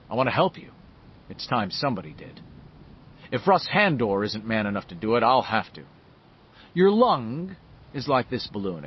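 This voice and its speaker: A man reading the part of a controlling older male pharmacist who lectures in a measured, quietly sharp way. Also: medium pitch, slightly rough, dull audio.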